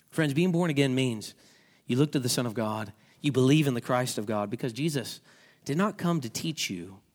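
A male pastor preaching a sermon, telling a story earnestly and putting direct questions to his listeners. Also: medium pitch.

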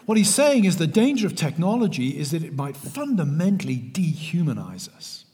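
A middle-aged man from the West Country of England with a West Country accent, giving a measured, emphatic sermon-style lecture that sinks to a hush on key words. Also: high voice, big pitch swings, breathy edge. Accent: West Country English.

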